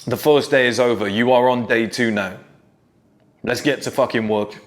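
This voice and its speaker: Brief: male creator, mid-pitched, blunt and sweary, hard-driving pep talk. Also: moderate pace. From United Kingdom. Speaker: self-improvement creator. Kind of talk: motivational monologue.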